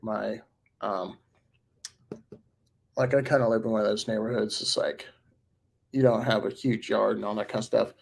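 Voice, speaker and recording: A man in his forties with a medium-pitched, gravelly, somewhat dark voice chats casually on a live stream. He reads viewer comments and answers them in a rambling way, full of fillers and chuckles.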